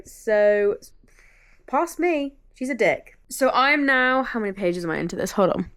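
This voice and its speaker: A woman talks casually in a vlog, chatty and enthusiastic, with the odd swear word. Her voice sits somewhat high and sounds smooth and clear. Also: animated, moderate pace. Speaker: book vlogger.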